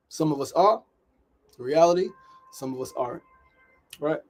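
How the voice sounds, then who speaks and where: Animated and somewhat high-pitched, this middle-aged New York City host speaks at a normal speed with long pauses. His motivational daily talk show is emphatic and repetitive, punctuated by "right?".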